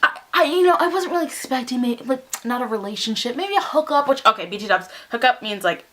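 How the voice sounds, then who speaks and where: A woman's voice: on the high side, fast. A young woman vlogging casually, telling a story animatedly and acting out what people said. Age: young adult. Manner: animated storytelling with quoted voices. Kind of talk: casual vlog rant.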